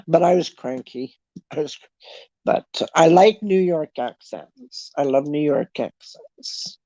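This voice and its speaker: A woman's voice: low-pitched, takes it slowly, dark tone, dry recording. Chatty Canadian woman, lo-fi sound. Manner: chatty storytelling, laughs often. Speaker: livestream host chatting with viewers. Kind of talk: casual chat.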